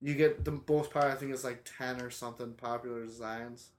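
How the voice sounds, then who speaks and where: A man's voice: medium pitch, steady tone, fast. A man, a guest on a casual podcast, explaining car terms patiently and laughing often. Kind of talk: casual podcast chat about a racing game.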